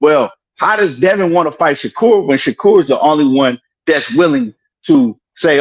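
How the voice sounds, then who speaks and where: A man's voice: fairly high pitch, normal speed, few pauses, low-quality recording. Insistent man arguing a point. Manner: insistent, repeats "hold on" and "right?" to press his point. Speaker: boxing commentator in a live stream debate. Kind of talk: heated debate on a live stream. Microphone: earbud.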